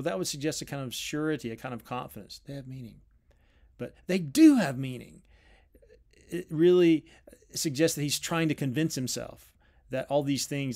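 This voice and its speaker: A middle-aged man explains a poem in a relaxed lecture. His voice sits at an ordinary middle pitch, and he thinks aloud with ums and quick corrections while reading lines out. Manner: thoughtful, reads lines aloud, frequent ums and self-corrections. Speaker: literature teacher. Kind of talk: spoken lecture on poetry.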